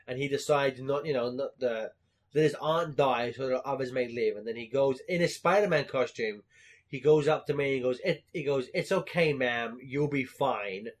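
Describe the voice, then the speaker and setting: A man's voice: medium pitch, moderate pace. A young man in casual chat, telling a story with swearing and bursts of laughter.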